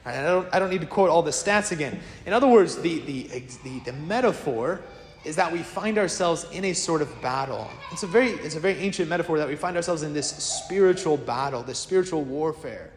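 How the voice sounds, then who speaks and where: A man preaching a sermon as a priest, telling stories in a lively, conversational way. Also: on the high side, fairly quick, slight background noise. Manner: lively storytelling, acts out quoted voices; casual, conversational preaching to a congregation. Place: church. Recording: echoey church with long reverb.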